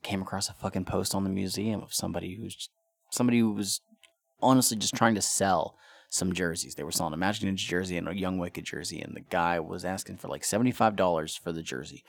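Man, low voice, podcast host, profane ranting, stammering restarts, dry close sound. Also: quick pace, gravelly, dry recording. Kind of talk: casual podcast monologue.

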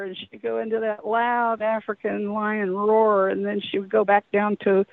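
A woman's voice: mid-range voice, level tone, normal speed, creaky, hardly any pauses, no echo. A woman calling in to tell a personal story, talking in an earnest, rambling way and often correcting herself. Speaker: caller sharing an encounter. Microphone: telephone. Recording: tinny phone line.

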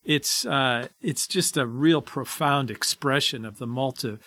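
A man reading scripture verses aloud and then explaining them in a measured, deliberate way. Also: mid-range voice, bright, forceful tone.

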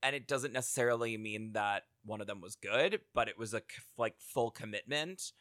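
A man co-hosting a casual podcast, chatty and quick to agree. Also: fairly low pitch, fairly bright tone, no echo, studio quality. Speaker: podcast co-host. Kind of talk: casual chat.

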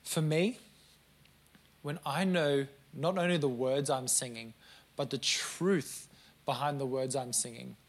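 A man's voice: medium pitch, a little slow. A man preaching a sermon in a conversational, earnest way, with joking asides to the congregation.

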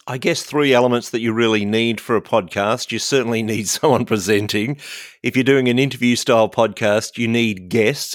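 A man hosting an interview, asking his guest long, thoughtful questions in a measured way. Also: mid-range voice, no room sound, clean studio sound. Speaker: interviewer, host.

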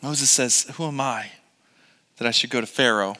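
A man's voice: mid-range voice, moderate pace, pushed and bright, long reverb tail. A middle-aged man preaching a sermon as pastor, in a casual, joking, conversational way with many fillers.

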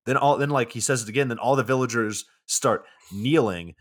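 A man's voice: medium pitch, fairly quick. Profane, rambling man recapping a movie. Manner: loose and profane, lots of fillers. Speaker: podcast co-host. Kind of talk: casual movie recap chat.

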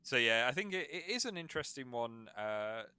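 A man hosting a podcast and acting as game master, in a relaxed and rambling casual chat with many fillers. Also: mid-range voice, moderate pace, clean tone, dry recording.

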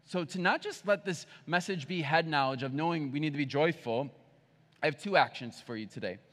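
A young man preaching a sermon in a relaxed, conversational way, with playful acted asides. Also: fairly high pitch, a little fast. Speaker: pastor. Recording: long hall reverb.

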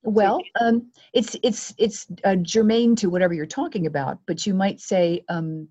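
A woman speaking as a guest media coach in a podcast interview, lively and acting out quoted exchanges. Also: mid-range voice, moderate pace, highs cut off.

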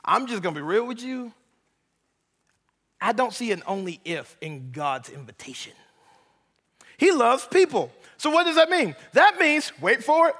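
A man in his thirties preaching a sermon, animated, acting out little dialogues and teasing the congregation. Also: very high voice, moderate pace. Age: 30s. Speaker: pastor. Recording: long hall reverb.

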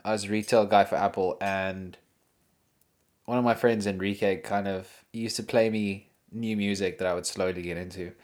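A man's voice: on the low side, fairly even intonation, normal speed, a little mellow. Man, solo podcast host, casual, jokey, rambling, crude asides.

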